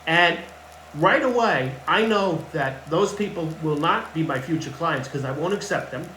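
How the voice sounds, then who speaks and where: A man's voice: fairly high pitch, animated, measured pace, pushed and bright, a little hiss or hum. Blunt, emphatic male fitness coach. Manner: blunt, emphatic, repeats key points. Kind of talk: casual advice talk to camera. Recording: echoey room with faint ambience.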